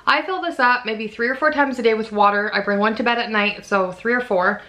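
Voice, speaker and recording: A woman in her thirties chatting casually in a vlog, emotional and quick to laugh, sounding tired. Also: on the high side, sharp tone. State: fatigued. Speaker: vlogger.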